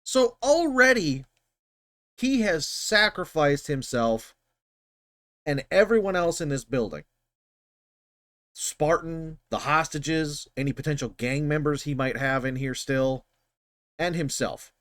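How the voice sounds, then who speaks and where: In casual, animated commentary, a channel host talks through a film scene with a slightly high voice, speaking slowly and pausing often. He rambles, swears a lot, and doubles back on what he's said, recorded close and dry with hardly any room echo.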